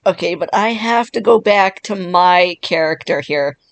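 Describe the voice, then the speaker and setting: A woman's voice: lowish voice, measured pace, no room sound. A woman YouTuber who is sick, casually commenting and reacting with disbelief. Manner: reactive, incredulous. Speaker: YouTuber playing with chatbots. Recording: dry.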